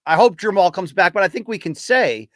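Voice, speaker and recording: Higher-voiced man hosting a podcast, dry sound. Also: animated, a bit bright, no echo. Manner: opinionated, quick rundown of fighters and rankings. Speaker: podcast host. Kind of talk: casual boxing podcast chat.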